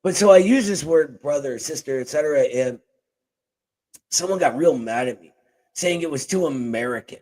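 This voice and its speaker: A man hosting a casual political talk show at his desk, animated and joking, speaking into a boom-arm microphone. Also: moderate pace, low-quality recording. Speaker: show host. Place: home desk. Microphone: boom-arm desk mic.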